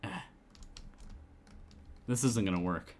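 A man's voice: lowish voice, very animated, slow pace, darkish tone, a little hiss or hum. A man chatting casually while streaming a survival game, rambling with lots of fillers and self-talk. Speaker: gamer streaming a survival server.

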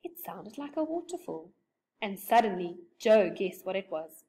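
A woman reading a children's book aloud as narrator, with expressive, animated storytelling. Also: mid-range voice, normal speed.

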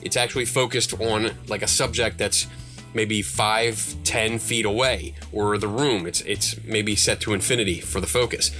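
A man speaks as a guest expert in an interview, his lowish voice carrying a bright, pointed edge. He explains in a patient, amused way, walking the listener through a demonstration. Faint music sits underneath. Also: fairly even intonation, moderate pace.

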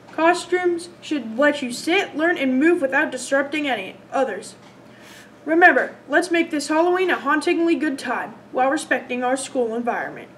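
High-voiced woman reading announcements. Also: fairly bright tone, slight background noise. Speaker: announcements anchor. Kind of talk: scripted school announcements.

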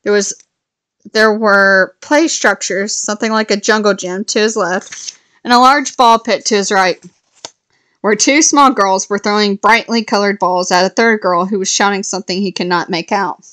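A woman casually reading a novel aloud, stumbling and correcting herself now and then, with a lift in pitch for quoted lines. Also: steady tone, normal speed, fairly bright tone. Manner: unpolished reading with restarts and self-corrections. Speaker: reader of a novel. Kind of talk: casual read-aloud storytelling.

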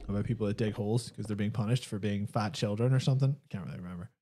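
A man's voice: lowish voice, warm tone, slight background noise. A Northern Irish man playing a video game, reading aloud and cracking dry jokes. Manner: dry, jokey, reads aloud slowly. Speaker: game player. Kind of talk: casual gaming chat.

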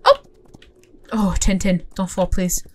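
A young woman who hosts a gaming channel plays a horse game, chatting casually and excitably to herself and the horses with gasps and squeals. She speaks slowly at a medium pitch.

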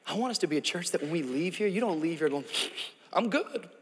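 A man preaching a sermon as pastor, dramatic and building to shouts in a large church auditorium. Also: on the high side, lively intonation, racing. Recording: church hall reverb, faint music.

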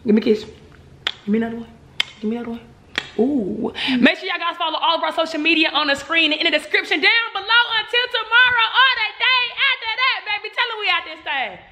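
A woman's voice: very high-pitched, expressive, fast, pushed and bright. A young woman hosting a casual prank vlog, talking in a playful, teasing, coaxing way. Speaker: vlog host.

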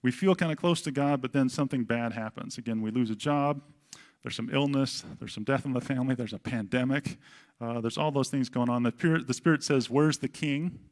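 Middle-aged man, pastor, casual chatty sermon, gravelly voice, mid pitch. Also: brisk. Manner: conversational, with fillers and quoted voices.

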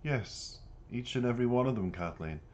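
A man's voice: medium pitch, lively intonation, moderate pace, a little mellow, lo-fi sound, slight background noise, pitched above the performer's own voice, lightly acted. A man reading the lines of a stern, proud older woman who heads a family, speaking sharply and haughtily. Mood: haughty.

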